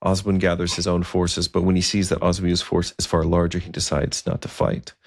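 A man tells a historical story in a conversational, unhurried manner, pausing now and then on fillers. His voice is very low and gravelly, close and dry, with no room sound around it. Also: flat delivery, no echo.

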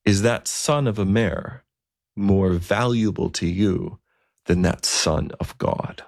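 A man voicing a gentle, humble old bishop who speaks calmly and gravely. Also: low voice, slow, full character voice. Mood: solemn, sorrowful.

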